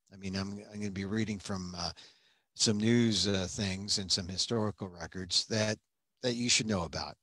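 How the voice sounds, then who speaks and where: A man's voice: mid-range voice, no echo. A man hosting a casual livestream as a museum director, chatty and rambling, with many fillers and restarts. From United States.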